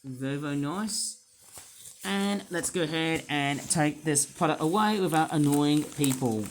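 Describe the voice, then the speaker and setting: A man's voice: a little high, unhurried, a little hiss or hum, low-quality recording. A man reviewing toy figures and rambling with puns and fillers as he unboxes them. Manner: rambling, punning, full of fillers. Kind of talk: unboxing commentary.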